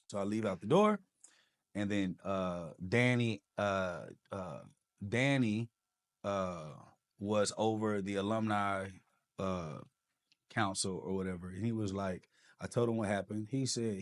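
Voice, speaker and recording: A podcast guest with a fairly low voice recounts his life story, speaking a little slowly. He brings lots of energy to it, jumping into the voices of those he quotes and acting out their dialogue.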